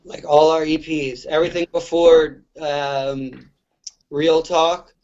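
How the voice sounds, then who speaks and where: A young man from the Philadelphia suburbs, a guest musician, chats loosely in a casual interview, using lots of fillers and swearing. His voice is fairly high and a little mellow, with a flat, slow delivery. The audio is muffled and lo-fi.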